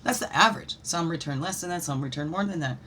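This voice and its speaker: Animated woman giving spiritual guidance. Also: low voice, fast, slight background noise. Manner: animated, warm encouragement, playful asides. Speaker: spiritual guide. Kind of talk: daily reflection with oracle card pulls.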